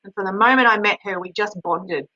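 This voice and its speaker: Aussie woman chatting on a webinar, bright voice, rambly, kinda dull dry sound. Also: mid-range voice, fairly quick, no room sound. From Australia. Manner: chatty, rambling with many restarts. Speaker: webinar host and healer. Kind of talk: casual webinar chat.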